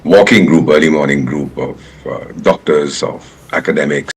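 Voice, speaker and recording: A man's voice: very deep voice, normal speed, breathy edge, poor audio. An older man with an Indian accent, a former ambassador speaking as a guest in a live news interview, angry and impassioned, slipping Hindi phrases into his English.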